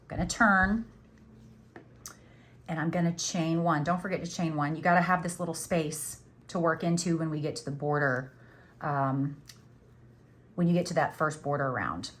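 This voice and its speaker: This middle-aged crochet tutorial host has a low-pitched voice, talks at normal speed, and pauses often. Chatting casually as she works, she teases herself and says "y'all."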